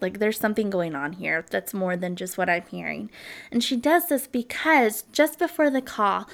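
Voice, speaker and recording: A woman's voice: medium pitch, a bit bright. A woman hosting a true crime podcast, telling the story casually and animatedly, with frequent ums and likes.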